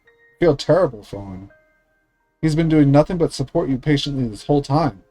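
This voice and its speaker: A man's voice: on the high side, expressive, a little fast, dark tone, soft background music. A man reading as a distraught teenage girl. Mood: pleading, upset. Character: distraught teenage girl confronting her mother.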